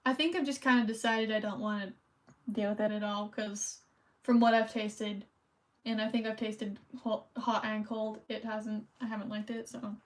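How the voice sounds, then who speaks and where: A woman's voice: mid-range voice, level tone, moderate pace. A young woman streaming as she decorates cards, chatting casually and thinking aloud while she colors. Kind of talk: casual chat while crafting.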